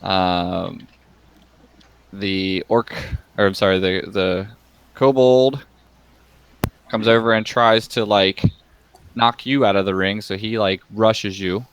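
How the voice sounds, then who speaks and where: A man's voice: on the low side, fairly even intonation, takes it slowly, pauses often, smooth. A young man running a tabletop game as game master, talking casually with lots of fillers and frequent laughter.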